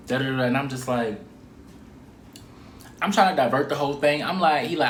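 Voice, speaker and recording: Animated, cursing young man telling a story. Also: medium pitch, fast, slight background noise. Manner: animated, profane, laughing asides. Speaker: vlogger. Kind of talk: casual storytime. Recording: roomy echo.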